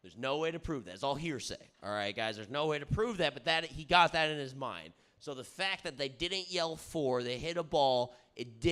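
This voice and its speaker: A man's voice: medium pitch, clean tone. Rowdy young man telling a story. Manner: rowdy, swearing, keeps saying "all right?" and "dude"; gets loud and excited at times. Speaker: comedy podcast host. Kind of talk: casual storytelling chat.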